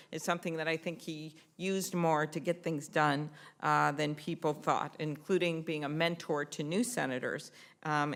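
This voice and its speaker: A woman's voice: low voice, gravelly. A middle-aged woman senator giving a tribute speech at an award event, telling stories with frequent ums. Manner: warm anecdotal storytelling, frequent ums. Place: event hall on Capitol Hill.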